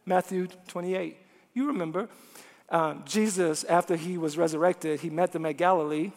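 High-voiced preacher man in a reverberant church. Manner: impassioned, swinging from loud to hushed. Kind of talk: sermon. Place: church sanctuary. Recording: long hall reverb.

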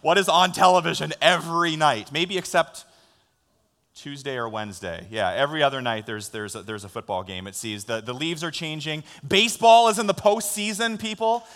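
A man preaching a sermon as pastor, conversational and building to excitement. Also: on the high side, normal speed. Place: church sanctuary. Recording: long hall reverb.

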